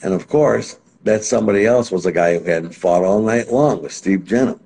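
A man as an interview guest, telling stories in a casual, animated way. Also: fairly low pitch, moderate pace, creaky. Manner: animated, acts out quotes in other voices. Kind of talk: casual anecdotal storytelling.

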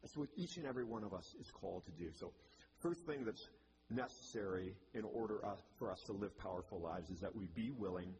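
A man's voice: lowish voice, lively intonation, brisk, noisy background. A male pastor giving a sermon in a church, with a conversational manner and wry asides.

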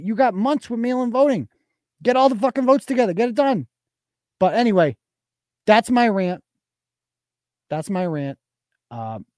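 A man's voice: high-pitched, a little mellow, no echo, clean studio sound. A man hosting a live show, delivering a heated, profanity-laced political rant and restarting his sentences as he goes. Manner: heated, swearing constantly, restarts mid-sentence.

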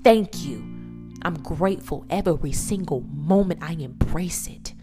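Low-voiced woman preaching self-healing over guitar. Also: moderate pace. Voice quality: emphatic, swings between hushed and loud. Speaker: podcaster sharing personal testimony. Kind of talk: unscripted motivational monologue. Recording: guitar music playing under voice.

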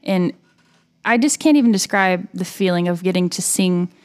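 A woman in her twenties, a singer-songwriter, chatting quickly and brightly as an interview guest. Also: fairly low pitch, clear, resonant tone. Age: 20s. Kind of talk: casual interview chat.

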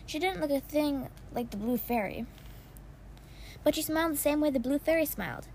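High-pitched lady reading a kids novel aloud, soft, trips on words now and then. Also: moderate pace, a little hiss or hum. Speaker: audiobook reader. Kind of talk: first-person storybook narration.

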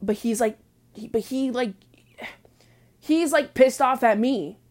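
A woman's voice: a little high, slow pace. Blunt, foul-mouthed young woman venting. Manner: blunt, crude, heavy on "like" fillers; drops to hushed asides now and then. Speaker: vlogger. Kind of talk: casual profane venting monologue.

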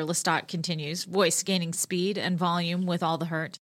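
A woman's voice: fairly low pitch, little pitch movement, moderate pace, hardly any pauses, a bit bright. A woman co-hosting a podcast, chatting casually with restarts and then reading a fan fiction passage aloud. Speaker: podcast co-host.

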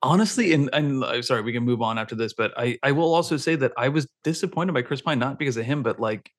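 Podcast guest, husky voice, crude jokes, mock quotes, casual film chat. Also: medium pitch, fast.

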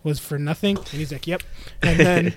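A man co-hosting a casual anime podcast, telling the plot in a loose run-on way with plenty of "and then he's like". His voice sits a little higher than most men's, and he slips into short quoted lines for the characters as he goes. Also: steady tone, a little hiss or hum. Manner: rambling retelling with quick voiced quotes. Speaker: podcast co-host. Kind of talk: casual anime recap chat.

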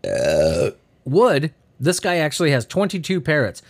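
A man's voice: a little high, wildly swooping pitch, a little slow, vocal fry. A man hosting a podcast, reading odd news stories in a giddy, sleepy, laughing way and swearing freely. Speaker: podcast host. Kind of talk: casual comedic news commentary.

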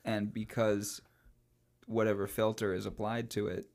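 A man's voice: fairly low pitch, little pitch movement, measured pace, darkish tone. A young man co-hosting a casual podcast about old films, chatty and giggly, with plenty of ums and trailing thoughts. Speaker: podcast co-host. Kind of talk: casual film discussion.

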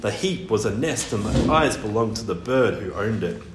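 A man reading a children's storybook aloud in an expressive narrating voice. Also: fairly low pitch, normal speed. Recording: echoey room, faint hiss.

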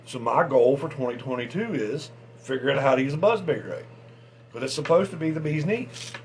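A man hosting a fishing channel, chatting casually and excitably about tackle, with lots of restarts and fillers. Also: mid-range voice, fairly quick, slight background noise.

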